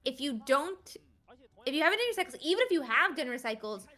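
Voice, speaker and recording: Bright-voiced chatty woman caster. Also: high-pitched, big pitch swings, fast talker. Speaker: tournament commentator. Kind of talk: live card game commentary.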